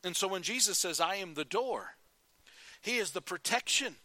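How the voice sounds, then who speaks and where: Male pastor, fairly high, bright forceful voice, earnest sermon delivery. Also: animated, normal speed, dry recording. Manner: earnest preaching, rising to emphatic calls and dropping to quiet.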